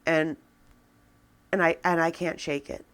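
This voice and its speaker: A woman in her forties talking to a camera, venting in a halting, downcast way with many restarts. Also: low-pitched, steady tone, a bit bright, clean tone. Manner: subdued and downcast. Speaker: vlogger. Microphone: camera with a person filming.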